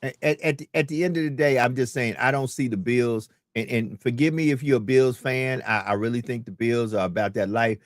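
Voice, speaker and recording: An excitable man co-hosting a casual sports chat on a livestream, repeating himself as he cuts in. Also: medium pitch, brisk, hardly any pauses, no room sound, studio quality. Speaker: co-host.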